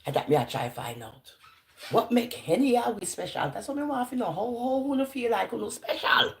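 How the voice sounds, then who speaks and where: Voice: mid-range voice, animated, moderate pace, gravelly. A preacher with a Jamaican patois accent giving informal Bible teaching in a conversational voice that asks rhetorical questions.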